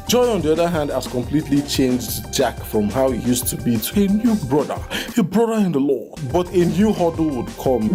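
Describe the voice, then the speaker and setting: A man's voice: mid-range voice, mellow. Joking young Nigerian man recapping a movie. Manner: joking, teasing, playful asides with laughs.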